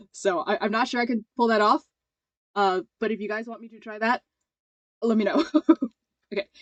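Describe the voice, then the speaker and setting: A woman's voice: fairly high pitch, normal speed, pauses often, a bit bright, dry recording. A woman streaming as she reads a game story aloud, chatty and giggly between lines. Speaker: streamer reading a visual novel aloud. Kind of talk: casual stream, voicing story characters.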